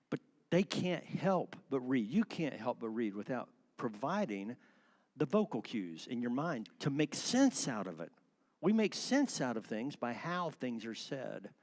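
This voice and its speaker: Male class teacher, interactive and animated, leans on stressed words, medium pitch. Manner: animated, asks the class questions, shifts word stress for effect. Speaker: teacher leading a church class. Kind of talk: interactive church class lecture.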